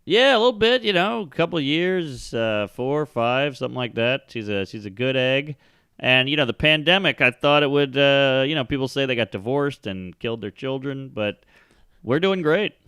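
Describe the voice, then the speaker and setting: A man comedian chatting as a guest, firing off crude, animated jokes. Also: mid-range voice, clear, resonant tone, no echo, clean studio sound. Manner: fast, crude, animated punchlines. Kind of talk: casual chat.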